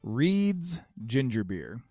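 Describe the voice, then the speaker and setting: A man's voice: mid-range voice, very animated, drawn-out words, warm tone, dry recording, soft background music. A man co-hosting a casual podcast, rambling and restarting with enthusiasm. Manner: rambling, self-interrupting, enthusiastic. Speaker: podcast co-host. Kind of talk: casual chat.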